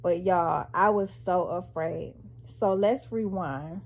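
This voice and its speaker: A young woman vlogger telling a dramatic story to her viewers in a lively, animated way. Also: fairly low pitch, takes it slowly, gravelly, husky. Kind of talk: storytime vlog.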